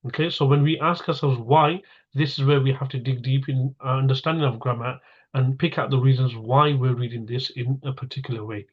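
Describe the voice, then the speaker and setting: A man's voice: medium pitch, steady tone, fairly quick, slightly rough, lo-fi sound. A man teaching an Arabic grammar lesson, explaining patiently step by step and asking and answering his own questions.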